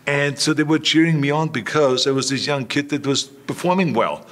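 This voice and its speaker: A man's voice: a little high, moderate pace, fairly bright tone. An older man telling anecdotes in an interview, repeating himself and acting out voices he quotes. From Austria. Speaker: interview guest. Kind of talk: storytelling in an interview.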